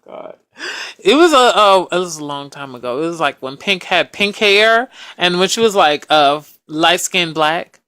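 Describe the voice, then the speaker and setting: A man co-hosting a podcast in casual chat, with an innocent-sounding voice and a soft, hesitant way of talking full of fillers. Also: fairly high pitch, expressive, moderate pace, clean tone, dry recording, clean studio sound. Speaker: podcast co-host.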